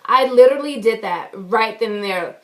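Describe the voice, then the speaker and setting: High-voiced woman telling an indignant story. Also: expressive, moderate pace, a bit bright. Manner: indignant, emphatic and profane retelling. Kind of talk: storytime vlog.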